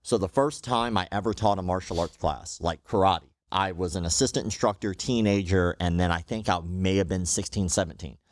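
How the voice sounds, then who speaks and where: A man who is a guest on a podcast, telling stories in an animated way and acting out the quotes. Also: sits low, fairly quick, few pauses, dry recording. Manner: animated storyteller, acts out quotes. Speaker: podcast guest, martial arts instructor. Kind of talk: casual podcast chat.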